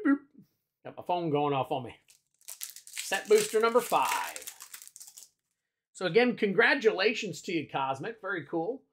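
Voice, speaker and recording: A man's voice: fairly high pitch, a bit bright. A man hosting a card-opening video, chatting casually as he names each card he pulls. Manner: chatty, lists cards aloud with little asides. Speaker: card-opening channel host.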